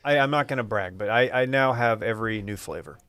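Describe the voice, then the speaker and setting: A man co-hosting a podcast, ribbing his friends in a dry, deadpan way. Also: lowish voice, fairly quick, clear, resonant tone. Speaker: podcast co-host. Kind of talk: casual chat.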